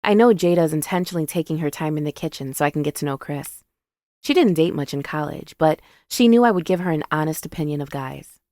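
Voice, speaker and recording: A woman's voice: low-pitched, expressive, fast, darkish tone, dry recording, clean studio sound. A woman narrating a first-person romance story in an intimate, confiding way.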